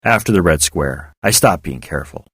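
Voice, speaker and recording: A man narrating first-person fiction in a measured, reflective storytelling manner. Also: very deep voice, expressive, a bit bright, slightly rough, dry recording.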